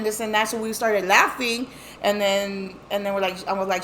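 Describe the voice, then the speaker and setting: The guest's voice is medium-pitched, level, and fairly bright at a normal speed, with slight background noise. Telling her life story, the middle-aged woman relates a family anecdote in casual talk, swapping between English and Spanish, voicing the characters, swearing heavily, and using lots of fillers.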